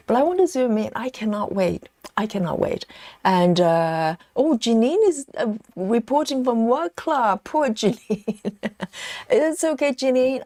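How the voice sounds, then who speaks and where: A woman hosting a live cross-stitch stream, greeting viewers by name in a chatty, upbeat way, her voice jumping higher on greetings. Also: no echo. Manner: lively pitch jumps when greeting. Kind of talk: casual live-stream chat.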